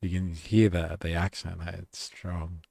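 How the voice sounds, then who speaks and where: Male streamer, very low gravelly voice, dry close sound, casual and sweary. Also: little pitch movement, a little slow, darkish tone, no room sound. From Australia. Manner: casual, swearing, reading chat aloud. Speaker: live stream host. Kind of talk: casual live stream commentary.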